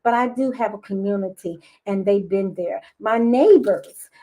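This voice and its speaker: A middle-aged woman, a podcast guest, telling lively personal stories in casual interview chat. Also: medium pitch, moderate pace. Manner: lively storytelling, expressive. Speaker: guest, business owner.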